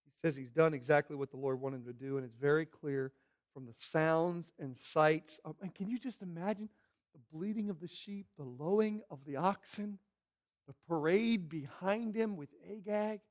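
A man preaching a sermon as pastor, animated and acting out characters' voices as he teaches. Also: a little high, moderate pace.

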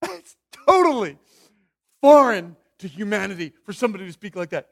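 A man preaching a sermon as pastor, swinging between loud emphasis and quiet asides. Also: sits high, very animated, moderate pace, vocal fry.

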